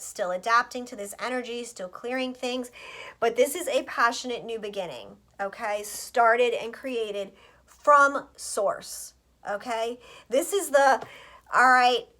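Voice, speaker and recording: A woman with a slightly high voice gives a loose, rambling tarot reading to her viewers. She talks in a chatty, scattered way and swears freely. Her manner is casual and direct. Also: bright, forceful tone. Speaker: astrologer and tarot reader.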